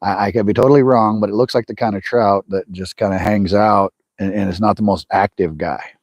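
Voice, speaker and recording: Man, low husky voice, dry close sound, casual rambling fishing chat, outdoors at a lake. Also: fairly even intonation, a little fast, darkish tone, dry recording. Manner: rambling and folksy, restarts words, speaks directly to viewers. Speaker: fishing livestream host.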